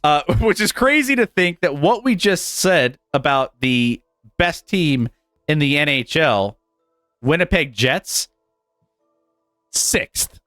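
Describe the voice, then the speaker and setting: A lively man hosting a sports betting stream, his voice on the higher side and swinging up and down as he talks. He chuckles a lot and trips over his words before pressing on. The sound is dry and close, with faint music underneath. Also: slow, no room sound. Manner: animated, chuckles often, stumbles and restarts. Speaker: sports betting show host. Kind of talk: casual sports talk on a live stream.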